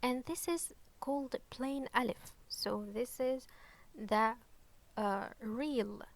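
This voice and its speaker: Slow, patient woman. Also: fairly high pitch, gravelly. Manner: slow and patient, with frequent fillers and "okay?" check-ins. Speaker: Arabic teacher. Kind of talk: online language lesson.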